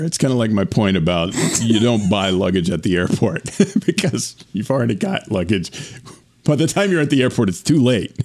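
Rambling man, lively casual chat. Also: medium pitch. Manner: rambling, chuckles while making his points. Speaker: podcast co-host.

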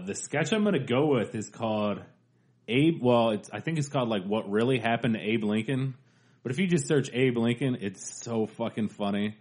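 A man co-hosting a podcast, telling comedy sketches in casual chat, often laughing and shouting out the lines he quotes. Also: lowish voice. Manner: laughing storyteller, acts out quotes loudly. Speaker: podcast co-host.

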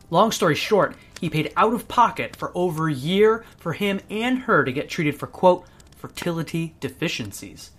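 Actor plays catty coworker, mid-pitch, mocking gossip. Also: fairly bright tone. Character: snide office gossip, adult.

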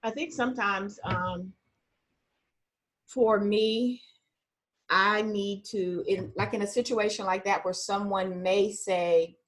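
Woman, mid-pitched, slow and measured, thoughtful. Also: steady tone. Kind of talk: casual conversation.

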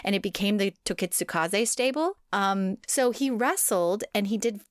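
A woman's voice: medium pitch, normal speed, no room sound. A woman in casual conversation, walking a friend through a long story with asides and laughter. Her voice sits mid-range, recorded close and dry with no room sound. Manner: storytelling, laughing, lively digressions. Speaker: podcast co-host telling a sumo history. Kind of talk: casual chat.

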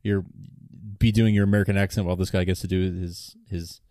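A man with a fairly low voice co-hosting a podcast in an easygoing, casual chat. He stumbles through restarts and repeats words as he works out what he wants to say. The recording is dry and close. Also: little pitch movement, a little fast, dark tone, dry recording. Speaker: podcast co-host.

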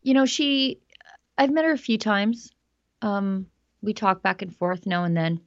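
A woman hosting a news commentary show, talking in an emphatic, animated way. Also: medium pitch, measured pace, dry recording, lo-fi sound. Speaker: host.

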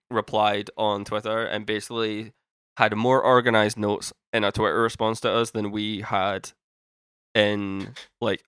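Low, bright, crisp-voiced male podcast host. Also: no room sound, clean studio sound. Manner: rambling, self-interrupting, swears casually. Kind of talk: casual podcast chat.

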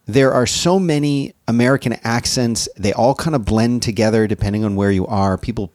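A man's voice: medium pitch, a little fast, darkish tone, no echo. A man co-hosting a podcast in casual chat, thinking aloud with hesitant restarts. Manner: thoughtful, hesitant, many restarts. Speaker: podcast co-host.

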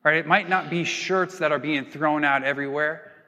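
Guy giving a sermon, kinda high voice, chatty, acts out quotes, big echoey hall. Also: steady tone, normal speed, sharp tone. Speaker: pastor. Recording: long hall reverb.

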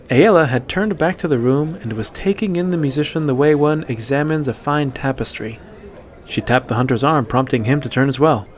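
A man narrating a fantasy story in a steady, even reading voice. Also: medium pitch, a little fast.

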